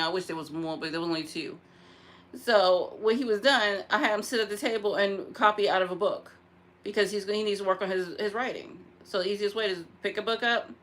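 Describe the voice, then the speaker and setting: A woman chatting casually to her audience, venting in an animated way, with laughter and sudden high exclamations. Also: a little hiss or hum. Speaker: vlogger. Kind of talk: casual chat to camera.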